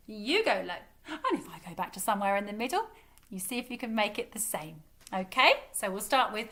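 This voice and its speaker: A woman's voice: a little high, very animated, normal speed, bright, forceful tone. A woman with an English accent, leading a children's singing lesson, cheerful and encouraging in a singsong way. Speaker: music teacher.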